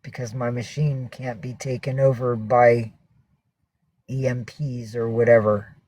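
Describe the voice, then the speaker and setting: A woman's voice: a bass voice, level tone, measured pace, warm tone, low-quality recording. A woman hosting a casual livestream from home, rambling and swearing as she greets viewers and coaxes her cats. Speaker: livestream host.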